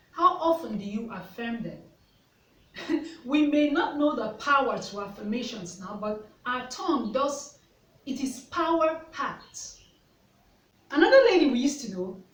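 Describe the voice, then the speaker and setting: This part-time teacher and mother tells earnest, reflective stories straight to camera, asking the viewer question after question. Her slightly high voice is animated yet unhurried. The sound is roomy, from a distant mic with faint ambience.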